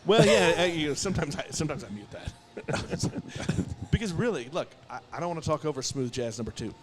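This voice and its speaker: A man co-hosting a beer podcast, animated and jokey, with emphatic asides. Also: a little high, a little fast, crowd noise. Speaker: podcast co-host. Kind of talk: casual chat.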